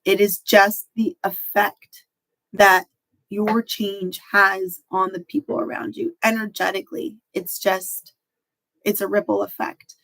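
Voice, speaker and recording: A woman's voice: mid-range voice, little pitch movement, a little slow, a bit bright, rough recording. Emotional woman hosting a live chat. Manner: heartfelt, emotional, reads viewer comments aloud. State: close to tears. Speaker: host of a live Q&A stream. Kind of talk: warm live-stream chat reading comments.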